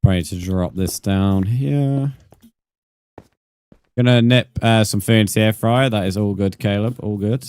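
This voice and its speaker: A man's voice: lowish voice, moderate pace, a little mellow, clean tone. A man casually commenting on his gameplay and chatting with viewers, teasing them and swearing freely. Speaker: streamer.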